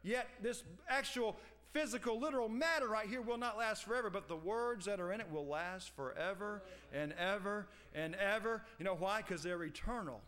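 A man's voice: sits high, normal speed, few pauses, fairly bright tone. A male pastor delivering a sermon, emphatic and repetitive, reading scripture aloud and driving his points home. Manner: emphatic preaching with repeated phrases.

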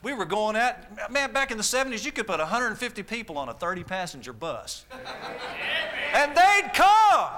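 A man's voice: sits high, lively intonation, a little fast, hardly any pauses, bright, forceful tone. A man, preaching a sermon with emphatic repetition and rhetorical questions. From Arkansas, US.

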